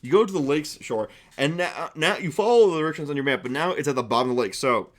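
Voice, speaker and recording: A man's voice: on the high side, expressive, fast talker. A man streaming as game master, narrating a tabletop game in a rambling, playful way. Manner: rambling and playful, with many restarts and fillers.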